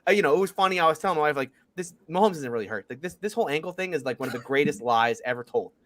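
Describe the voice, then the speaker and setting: Excitable high-voiced man talking football. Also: rapid-fire. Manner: excitable, animated storyteller. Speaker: podcast co-host. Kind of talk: casual sports chat.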